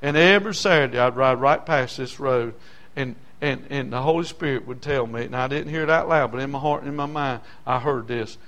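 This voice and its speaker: An older man preaching a sermon, passionate, dropping from hushed storytelling to shouting. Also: medium pitch, brisk. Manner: impassioned, swings from hushed to shouting.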